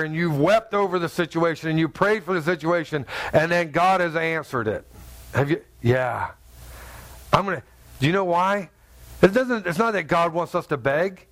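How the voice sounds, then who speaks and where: A man's voice: a little high, lively intonation, normal speed, fairly bright tone. A man preaching a conversational sermon who talks straight to his listeners and acts out the people in the story. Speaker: pastor.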